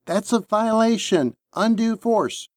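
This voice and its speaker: A man's voice: high-pitched, slow pace, dry recording, voice pushed up. A man voicing a sneering, hissing assassin. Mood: defiant. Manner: hissing, mocking. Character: sneering captured male assassin, defiant.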